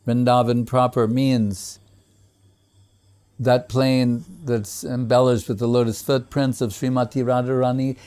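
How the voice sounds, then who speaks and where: A man's voice: medium pitch, flat delivery, a little slow, a little mellow, smooth. A man giving a devotional discourse, retelling sacred stories, reciting Sanskrit verses and chuckling often. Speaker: spiritual teacher.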